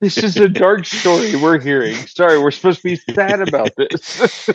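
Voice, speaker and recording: A man's voice: high-pitched, expressive, normal speed, breathy edge, no room sound, lo-fi sound. A man co-hosting a podcast, chatting casually and throwing in teasing quips. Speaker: podcast co-host. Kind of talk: casual chat.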